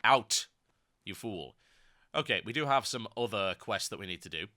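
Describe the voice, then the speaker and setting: A man doing ranty, sarcastic gameplay commentary, his voice hoarse and slightly nasal from a cold. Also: fairly low pitch, pushed and bright. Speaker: game commentator.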